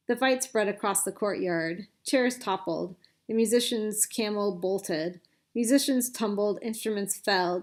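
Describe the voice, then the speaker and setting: Female storybook narrator, clear and expressive, mid pitch. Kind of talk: storybook reading.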